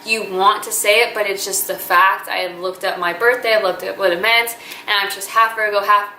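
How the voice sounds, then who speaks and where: Brief: twenties woman vlogger, bright and earnest, echoey room with faint background hiss. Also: medium pitch, steady tone, normal speed. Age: 20s. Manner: chatty and earnest, gushing with fillers. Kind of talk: casual talking-to-camera vlog.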